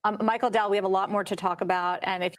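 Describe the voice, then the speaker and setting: A woman's voice: mid-range voice, steady tone, fast talker. A woman interviewing an executive on television, asking direct, probing questions. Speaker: TV business interviewer. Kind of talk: broadcast interview.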